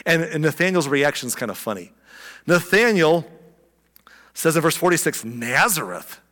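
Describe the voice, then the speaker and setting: A man preaching a sermon, telling a story with lively expression and acting out the people in it. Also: on the high side, normal speed, in a large hall. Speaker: pastor.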